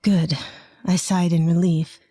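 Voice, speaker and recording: A woman's voice: medium pitch, normal speed, warm tone, no echo. A woman in her twenties from rural Texas, telling a first-person story in an earnest, plain way. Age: 20s. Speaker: narrator.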